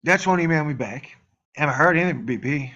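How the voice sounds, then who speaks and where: Guy ranting on his channel, kinda high voice, swears a lot, muffled lo-fi audio. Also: fast talker, bright, forceful tone. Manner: heated, profane, mocking voices of critics. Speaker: YouTube channel host. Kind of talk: angry solo rant to camera.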